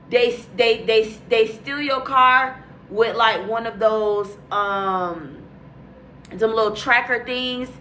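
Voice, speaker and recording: Young woman ranting a story, bright high-ish voice, lots of cussing and ums, bit of hiss behind. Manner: animated, acts out quotes, heavy cursing, many fillers. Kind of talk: casual profane storytelling.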